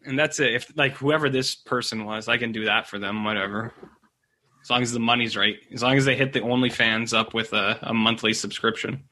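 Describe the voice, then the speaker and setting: Give me a playful male podcast co-host with a bright voice. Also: medium pitch, brisk. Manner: joking, playful. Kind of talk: casual podcast chat.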